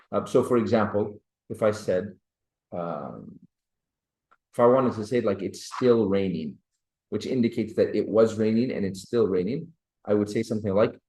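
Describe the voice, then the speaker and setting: In a poor-quality recording from an echoey room, a male Arabic teacher with a fairly low, mellow voice leads a grammar lesson. He patiently checks whether the class is following, often asking "right?" or "clear?".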